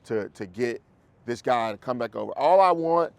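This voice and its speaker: A man's voice: medium pitch, animated, moderate pace, gravelly, no room sound. A man voicing the inner thoughts of an eager young male dog, talking through the rules in a chatty inner monologue. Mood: pondering.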